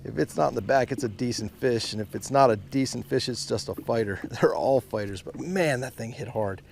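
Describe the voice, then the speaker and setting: Excitable fisherman with a gravelly voice. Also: mid-range voice, fairly quick, slight background noise. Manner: exclaims often, keeps addressing viewers as guys. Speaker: fishing vlogger. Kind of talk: excited on-the-water fishing commentary. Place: outdoors on a boat on a mountain lake.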